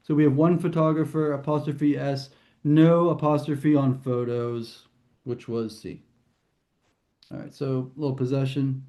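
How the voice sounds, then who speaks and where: A man with a mid-range, dark voice and flat delivery teaches an informal test prep class. He's chatty, thinking aloud and quickly correcting himself as he goes.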